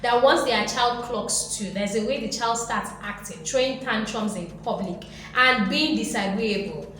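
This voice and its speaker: A woman giving an animated motivational talk who lectures her viewers and acts out little voices. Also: on the high side, unhurried. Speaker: motivational vlogger. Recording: very echoey room, faint music behind.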